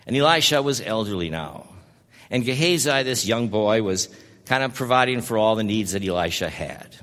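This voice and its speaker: A man's voice: on the low side, lively intonation, moderate pace, a bit bright, big-room sound. A man preaching a sermon as a pastor, telling a story in a folksy way and speaking to people in the congregation by name.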